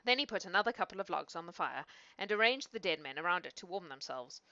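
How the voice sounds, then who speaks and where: A woman reading a fairy tale aloud in a lively, expressive way. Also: on the low side, fast talker, no echo. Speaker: storyteller. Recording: dull, dry lo-fi recording.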